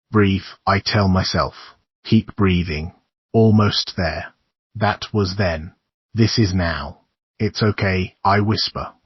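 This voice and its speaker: A man narrating a horror audiobook in a measured, somber way with a husky voice. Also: low-pitched, dry recording, highs cut off.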